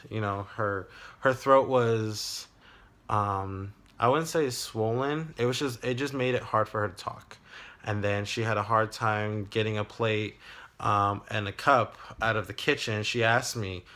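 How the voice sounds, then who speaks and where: A young man, telling a personal story in a video diary, halting, with many fillers and restarts. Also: lowish voice, fairly even intonation, pushed and bright. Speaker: vlogger.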